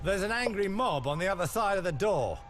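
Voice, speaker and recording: A guard, with a high, lively voice. He reports briskly over faint music from the game. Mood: reporting.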